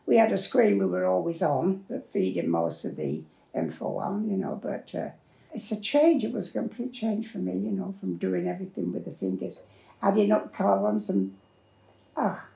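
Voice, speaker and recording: A woman's voice: fairly low pitch, wildly swooping pitch, normal speed, vocal fry, warm tone. An older woman, telling her life story in a plain-spoken, rambling way as an interviewee. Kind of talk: personal storytelling. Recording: roomy echo.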